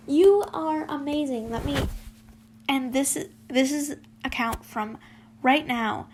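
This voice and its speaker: Slow, high-voiced woman reading fan fiction. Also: a little mellow, a little hiss or hum. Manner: casual, swears and laughs in asides. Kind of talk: reading fan fiction aloud with chatty asides.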